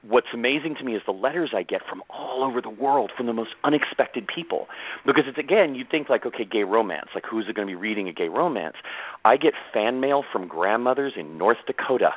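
A man, an author, telling anecdotes in an interview with animated energy and frequent laughs. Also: lowish voice. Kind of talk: conversational storytelling interview. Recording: tinny phone-like line, dry.

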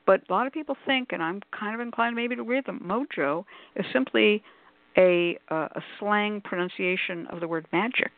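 A woman's voice: medium pitch, brisk, no echo. A woman author on a call-in radio panel, explaining at length in a discursive, scholarly way with many asides. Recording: tinny phone-like line.

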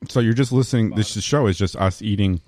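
A man's voice: lowish voice, fast talker, a little mellow, no echo. A man co-hosting a podcast, chatting casually and sounding amazed by the strange flavors he tries. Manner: amazed, exclamatory, laughing. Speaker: podcast co-host. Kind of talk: casual chat while taste-testing food.

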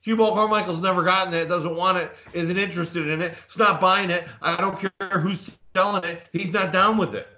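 A man's voice: high voice, steady tone, moderate pace, few pauses, bright, forceful tone. A man co-hosting a casual live podcast, a boastful, rambling storyteller who talks up his own toughness. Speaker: podcast co-host.

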